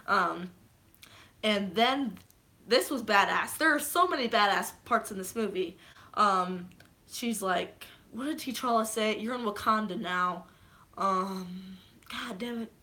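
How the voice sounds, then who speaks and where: A young woman excitedly recapping a film in casual talk, swearing often and acting out quoted lines. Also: mid-range voice, slow. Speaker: vlogger.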